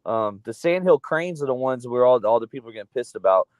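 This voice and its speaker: A man's voice: mid-range voice, animated, quick pace, a little mellow, no room sound. Rambling South Florida man on a dry mic. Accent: South Florida, between East Coast and Southern. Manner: rambling, profane, loose slang. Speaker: podcast co-host. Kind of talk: casual livestream chat.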